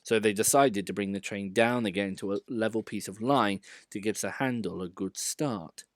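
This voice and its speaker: A man reading a children's story aloud in an expressive, lively storytelling way. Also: on the low side, dry recording, clean studio sound. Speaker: narrator.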